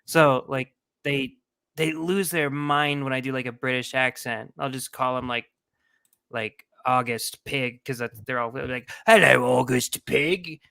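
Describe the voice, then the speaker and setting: A man in a casual podcast chat, jokey and quick to laugh at himself. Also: medium pitch, level tone, sharp tone, clear, resonant tone.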